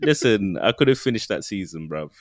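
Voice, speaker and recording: A young man, co-hosting a casual podcast chat, animated and often laughing. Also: fairly low pitch, normal speed, dry recording, studio quality. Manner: animated, laughing, mimics voices for jokes. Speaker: podcast co-host.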